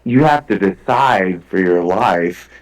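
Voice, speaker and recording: A man's voice: deep voice, animated, slow, rough recording. A man in a casual podcast conversation, telling a long personal story with lots of swearing and restarts. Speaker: guest.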